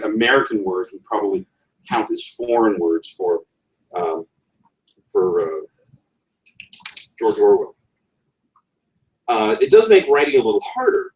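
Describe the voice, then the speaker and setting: A man with a New England accent giving a conference talk on writing, wry and digressive, often pausing on ums and restarting his phrases. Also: lowish voice, creaky. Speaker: conference speaker. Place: conference session room. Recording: roomy room, voice from far off.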